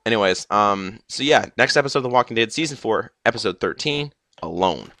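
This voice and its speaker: A young man reviews a TV episode casually, rambling with plenty of "like" and "uh," and sounding a bit groggy and slurred as though just awake. His voice is on the low side yet animated, a little fast, pushed and bright, in a dry recording.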